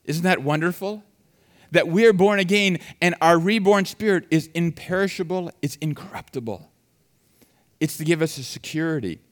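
A man preaching a sermon, reading scripture and explaining it in an animated way that swings between soft and loud. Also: a little high, normal speed.

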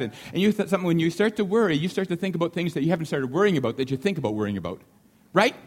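A man delivering a sermon with a voice pitched a little above the usual male range. He preaches in an animated way, repeating key lines for emphasis and briefly acting out the voices of people in the story. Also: rapid-fire. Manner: animated, acts out the disciples' shouting.

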